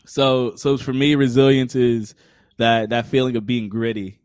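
A young man in his twenties speaks as a podcast guest. He sits at a mid pitch and talks earnestly, working through his point with everyday examples. The sound is close and dry. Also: level tone, measured pace, darkish tone, clean tone, no room sound. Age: 20s. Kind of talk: conversational interview.

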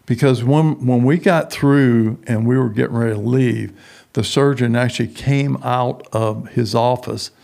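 A man's voice: mid-range voice, steady tone, a little slow, creaky, a little mellow. A middle-aged man, a prison ministry founder, telling a personal story in an interview and acting out the voices of the people in it.

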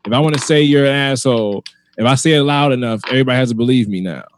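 A man's voice: medium pitch, rapid-fire, a little hiss or hum. A man, a comedian, talking in a casual chat, arguing his point emphatically and repeating himself as he goes.

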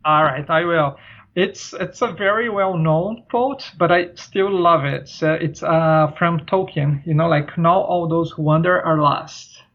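A Brazilian man with a Brazilian Portuguese accent, a traveler and author appearing as a podcast guest, chats easygoingly in a casual interview, with many fillers and restarts. His voice is a little high, a little slow and fairly bright, on a dull lo-fi recording.

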